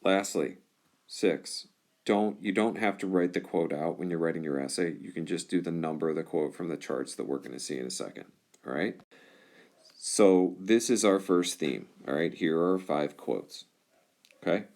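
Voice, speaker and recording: A man's voice: low-pitched, normal speed, darkish tone. A male teacher explaining test directions to his class, informal and reassuring, often checking in with "all right?". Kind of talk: explaining test directions over a whiteboard screencast.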